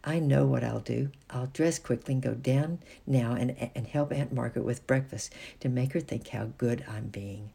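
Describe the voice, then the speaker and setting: A storyteller voicing Ruth, an eager nine-year-old girl plotting how to slip away, in a husky, gravelly voice. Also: medium pitch, moderate pace, hardly any pauses, warm tone. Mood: scheming.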